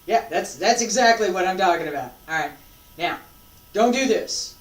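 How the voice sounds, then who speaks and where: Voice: medium pitch, lively intonation. A martial arts instructor teaching a class, calling out breathing cues and checking in with casual "all right?" and "okay?" as they demonstrate. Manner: calls out breathing cues slowly. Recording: roomy sound, distant from mic.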